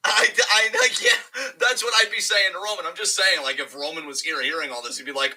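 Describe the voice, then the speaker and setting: A young man co-hosting a wrestling podcast, talking casually and profanely and slipping into quick impressions of wrestlers. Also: high voice, steady tone, bright, forceful tone, rough recording. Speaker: podcast co-host.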